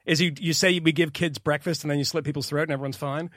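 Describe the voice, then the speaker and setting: A man with a slightly high voice riffs sardonically, piling up asides in loose casual podcast banter. The sound is close and very dry, with no room around him. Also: steady tone, fast talker, a bit bright, dry recording. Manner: sardonic, rambling riffs with fillers like "like". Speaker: podcast co-host.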